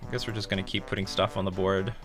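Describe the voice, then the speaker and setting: A man's voice: sits low, flat delivery, very fast, over music. A man with a Canadian accent, chatting casually while streaming a card game, laughing often and swearing now and then. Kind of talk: casual gameplay commentary.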